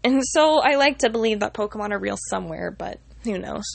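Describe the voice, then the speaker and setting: A woman's voice: mid-range voice, animated, a little fast, creaky, dry recording. A young woman telling a personal story casually, rambling with lots of fillers and the odd swear word.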